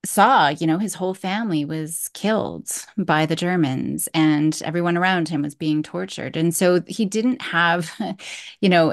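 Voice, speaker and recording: A woman hosting a podcast interview, talking in a reflective, explaining way. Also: on the low side. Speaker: podcast host. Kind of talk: casual interview chat.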